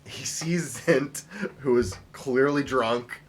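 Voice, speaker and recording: A young man narrating a tabletop game as game master, relaxed and chuckling, with loose talk full of fillers. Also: medium pitch, slow pace, heavy background noise.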